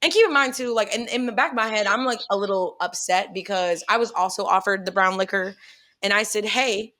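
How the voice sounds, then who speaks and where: A woman's voice: mid-range voice, a little fast. A woman co-hosting a podcast who tells a personal story in casual chat. She speaks bluntly, swears a lot and laughs often. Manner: profane, blunt and animated. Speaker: podcast co-host.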